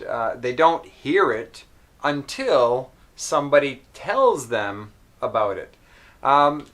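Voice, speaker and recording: A man teaching an English pronunciation lesson, patient and clear, with frequent ums and spoken demonstrations of sounds. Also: fairly high pitch, a bit bright.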